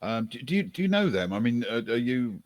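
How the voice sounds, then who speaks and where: A man's voice: medium pitch, big pitch swings, brisk. Hesitant man asking polite questions. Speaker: player. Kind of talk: role-play investigation chat.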